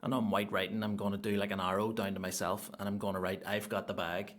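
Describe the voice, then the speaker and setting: A young adult man with a Northern Irish accent hosting a solo comedy podcast, rambling and animated, swearing freely. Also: on the low side, fast. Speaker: podcast host.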